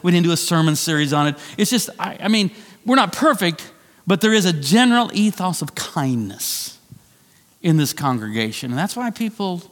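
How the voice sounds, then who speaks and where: A middle-aged man preaching a sermon as pastor, conversational and animated, with self-deprecating asides. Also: on the high side, in a large hall. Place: church sanctuary.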